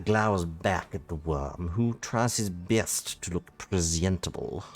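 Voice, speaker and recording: A man's voice: fairly low pitch, a little mellow. A man, chatting wryly while streaming a game and reading its text aloud, often interrupting himself. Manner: chatty, self-interrupting, wry. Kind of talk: casual live-stream commentary and reading. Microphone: close desk microphone.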